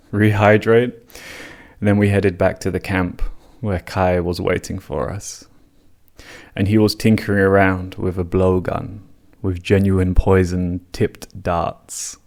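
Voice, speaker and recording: A young man casually telling a story as a podcast co-host, laughing, swearing and putting on higher voices for quotes. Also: vocal fry, darkish tone. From England.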